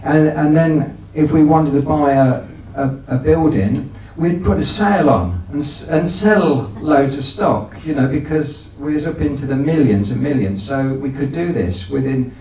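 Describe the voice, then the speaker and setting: A man's voice: fairly high pitch, a little slow, hardly any pauses, dark tone, a little hiss or hum. A man giving a folksy, anecdotal business talk to an audience, with frequent restarts. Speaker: guest speaker. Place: event hall. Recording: echoey hall, distant from the mic.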